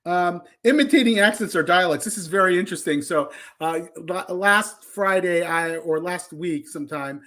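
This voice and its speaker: Man, high voice, thoughtful, conversational, podcast co-host. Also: moderate pace, hardly any pauses, pushed and bright. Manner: thoughtful, loose storytelling with fillers.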